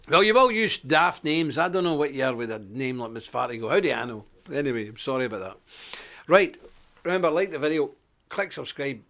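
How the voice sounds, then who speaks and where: Chatty man hosting a live stream. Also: a bit bright. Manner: chatty, greets viewers by name, jumps up in pitch when emphatic. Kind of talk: casual live commentary.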